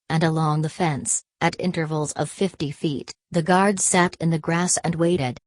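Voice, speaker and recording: A woman narrating an audiobook in a steady, even reading. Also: low voice, no room sound. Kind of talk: scripted narration.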